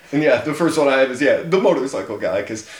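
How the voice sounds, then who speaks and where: A man's voice: medium pitch, reverberant. A man co-hosting a casual movie discussion, enthusiastic and swearing freely, often breaking into laughs. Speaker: podcast co-host.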